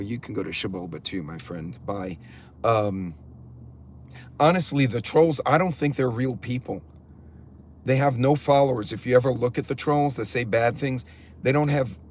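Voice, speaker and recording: A man's voice: medium pitch, normal speed, slight background noise. Rambling, chatty middle-aged man. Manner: rambling, chatty, swears freely. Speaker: preparedness channel host. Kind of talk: casual livestream talk, reading chat aloud.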